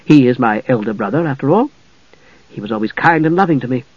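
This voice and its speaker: A man reading an audiobook, voicing a loving elf wife who speaks softly and affectionately. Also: medium pitch, animated, fast talker, breathy edge, no room sound, muffled recording. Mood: gentle. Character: loving, teasing elf wife, calm and gentle.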